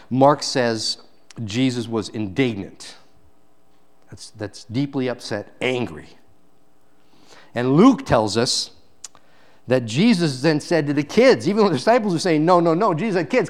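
A man preaches a sermon from the pulpit in a mid-range voice, alternating between loud, emphatic high points and quieter, intense stretches. He poses rhetorical questions to the congregation.

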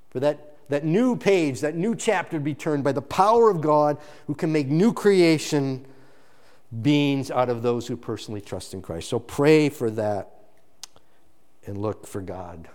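A man preaching a sermon as pastor, earnest and emphatic, often restarting phrases and breaking into quick asides. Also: on the high side, a little mellow.

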